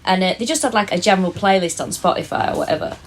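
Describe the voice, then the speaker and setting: A woman's voice: mid-range voice, quick pace, a little hiss or hum. A woman, cohosting a comedy podcast and telling stories animatedly with lots of laughter and swearing. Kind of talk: casual chat.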